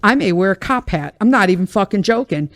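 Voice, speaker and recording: A woman's voice: mid-range voice, lively intonation, fairly quick. A woman hosting a podcast, telling a story in a casual monologue, blunt and profane, wry and self-mocking as she vents. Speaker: podcast host.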